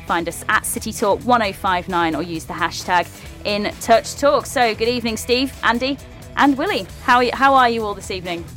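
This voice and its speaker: A woman hosting a live radio sports show, presenting in a brisk and upbeat way from a studio microphone. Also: on the high side, fairly bright tone, soft background music. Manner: brisk and upbeat, reads a quick rundown.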